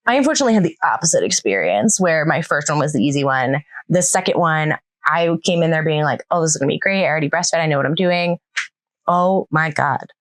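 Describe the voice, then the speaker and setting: A woman in her thirties co-hosting a podcast, telling stories with animated energy and frequent laughs. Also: low voice, quick pace, no echo. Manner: animated storyteller, laughs often. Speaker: podcast co-host. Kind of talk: casual chat.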